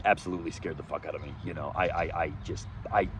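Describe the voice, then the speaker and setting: A man telling his own story in a candid, profane monologue outdoors, swinging between loud emphasis and low muttering. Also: steady tone, fast talker, background noise. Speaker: vlogger sharing his recovery story. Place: outdoors, sunny day.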